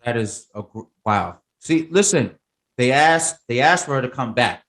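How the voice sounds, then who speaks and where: Male host, hypes the guest, emphatic, mid pitch. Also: animated, normal speed, a bit bright. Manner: enthusiastic, emphatic, encouraging. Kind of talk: casual interview.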